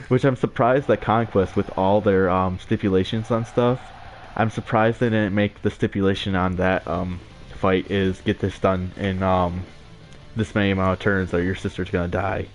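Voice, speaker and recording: A man's voice: sits low, fairly even intonation, moderate pace, soft background music. A young man giving casual, rambling commentary over his gameplay, with frequent filler words and chuckles. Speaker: let's play gamer.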